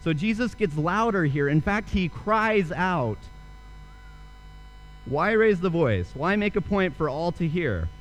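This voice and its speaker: A man's voice: high-pitched, expressive, takes it slowly, soft background music, rough recording. A young man preaching a sermon, telling a story and then asking earnest rhetorical questions. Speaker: pastor.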